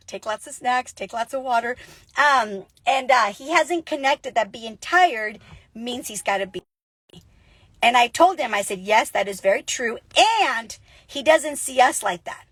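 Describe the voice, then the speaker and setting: High, husky woman giving upbeat coaching. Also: moderate pace, no room sound. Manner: energetic, chatty, animated storytelling. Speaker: network marketing coach. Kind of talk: motivational casual vlog.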